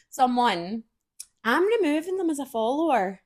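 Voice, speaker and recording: A woman with a Scottish accent, co-hosting a podcast in casual chat and chiming in quickly. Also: high voice, big pitch swings. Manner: chatty, quick to chime in. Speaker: podcast co-host.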